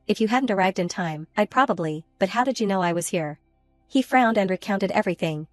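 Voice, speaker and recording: A woman narrating a comic story recap in a scripted style, reading every character's lines in the same steady voice. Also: medium pitch, no room sound.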